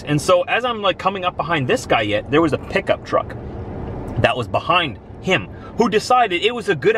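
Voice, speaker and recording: A man's voice: mid-range voice, fairly bright tone, a little hiss or hum. A man driving a truck and vlogging, telling a long story with rising exasperation. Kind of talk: casual vlog rant. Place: in and around a truck, near traffic.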